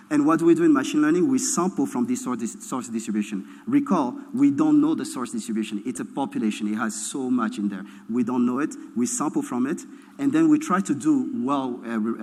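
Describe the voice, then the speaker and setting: A man giving a keynote lecture, explaining slowly, repeating his points and often checking with "right?". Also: medium pitch, a little mellow. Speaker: keynote speaker. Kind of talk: academic lecture. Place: large lecture hall. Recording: echoey lecture hall with long reverb.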